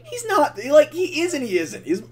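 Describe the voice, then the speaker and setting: A young man with a high, very lively voice, rambling excitedly through a casual podcast chat. His thoughts spill out in restarts and fillers, and his pitch swoops up and down as he gets carried away. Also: normal speed. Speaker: podcast co-host.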